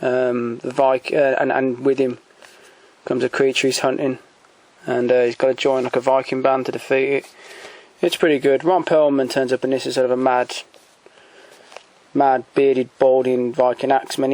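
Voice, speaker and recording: Guy chatting about his shelf at home, lots of ums, mid pitch, stop-start. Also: level tone, normal speed, darkish tone, no echo, low-quality recording. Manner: hesitant, many ums and restarts, enthusiastic recommendations. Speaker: collector showing DVDs. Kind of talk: casual off-the-cuff commentary.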